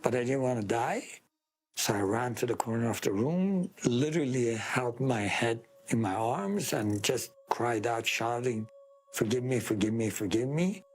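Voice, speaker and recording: A man from Iran, giving an earnest, deliberate personal testimony in an interview. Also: mid-range voice, slightly rough.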